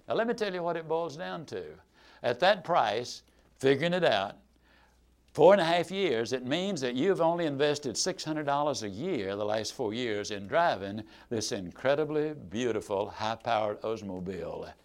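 A man's voice: mid-range voice, animated, moderate pace. Folksy man telling a sales story. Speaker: motivational sales speaker.

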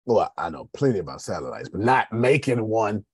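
A man's voice: fairly low pitch, sing-song, normal speed, a little mellow, breathy edge, no echo. A man, talking casually to his listeners about his business, calling them y'all. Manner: conversational, addresses listeners as y'all. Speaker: host. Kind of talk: motivational business talk.

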